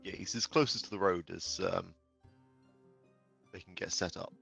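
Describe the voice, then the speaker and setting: A man speaks slowly and hesitantly during a tabletop game. His voice is low and gravelly, with a sharp edge. Faint music plays underneath. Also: fairly even intonation. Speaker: player.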